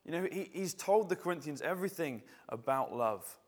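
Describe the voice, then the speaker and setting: A man's voice: a little high, animated, moderate pace. A male preacher giving a conversational, reflective sermon, often restarting his phrases.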